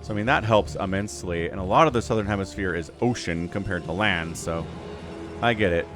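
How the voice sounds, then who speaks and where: A man giving casual esports commentary as caster, chatty and rambling, getting excitable at the action. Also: deep voice, a little fast, over music. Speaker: game caster.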